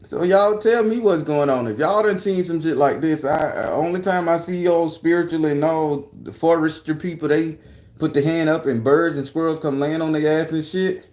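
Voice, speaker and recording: Excitable, profane man telling a story. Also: fairly high pitch, normal speed, roomy sound. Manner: excitable, profane, rambling with restarts. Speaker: vlogger. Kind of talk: animated personal storytelling. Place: outdoors in a park.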